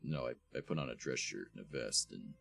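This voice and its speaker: A man's voice: a bass voice, a little fast, gravelly, fairly bright tone, faint music behind. A young man hosting a live stream, rambling casually, swearing and thanking new followers as he talks. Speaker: streamer host.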